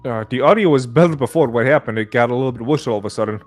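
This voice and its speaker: A man's voice: medium pitch, rapid-fire, soft background music. A man hosting a podcast, chatting casually and easygoing, with frequent uhs. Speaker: podcast host. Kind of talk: casual chat.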